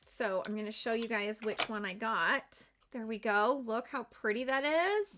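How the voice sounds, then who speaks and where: Bubbly high-voiced woman unboxing makeup. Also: a little slow, a bit bright. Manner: gushing, gasps and exclamations. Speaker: beauty vlogger. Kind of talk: excited unboxing chat.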